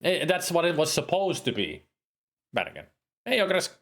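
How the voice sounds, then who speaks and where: Animated man giving let's-play commentary. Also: on the high side, moderate pace. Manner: chatty, animated, jokey. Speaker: streamer playing a game.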